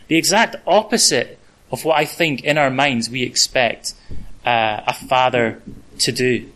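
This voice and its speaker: A man's voice: medium pitch, measured pace, a bit bright, low-quality recording. A man preaching a conversational sermon, with casual asides and the odd filler.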